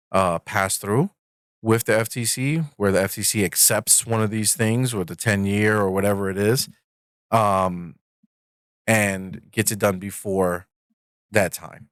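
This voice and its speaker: A man co-hosting a gaming news podcast, weighing things up calmly. His voice sits fairly low. The sound is dry and close. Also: smooth, dry recording. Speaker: podcast co-host. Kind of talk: casual gaming news chat.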